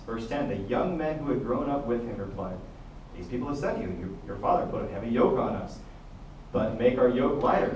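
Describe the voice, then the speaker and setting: Male pastor, storytelling sermon voice, mid pitch, heard from a distance in a roomy hall with faint ambience. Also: fairly quick, slight background noise. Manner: storytelling, acts out Bible quotes in lively voices. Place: church hall.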